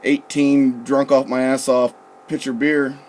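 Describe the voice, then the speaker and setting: A young man casually telling a story, profane and relaxed, quoting people with "I'm like" and "he goes.". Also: medium pitch, unhurried, a little hiss or hum. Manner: profane, laid-back, quotes others with "I'm like" and "he goes". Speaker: storyteller recalling his recruit days.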